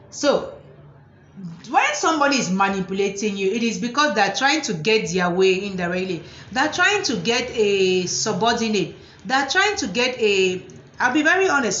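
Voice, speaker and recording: A lively woman therapist speaks in a fairly high voice, animated and mocking the controlling partners she describes. The room rings with echo, and the sound is a little dull. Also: normal speed, a little hiss or hum. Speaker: psychotherapist and motivational speaker. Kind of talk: talking to camera about relationships.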